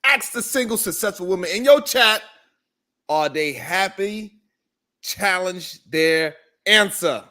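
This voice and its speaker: A man on a podcast panel, animated, reading viewer comments aloud and passing the turn to the next speaker. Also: sits high, slow pace. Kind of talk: casual panel talk.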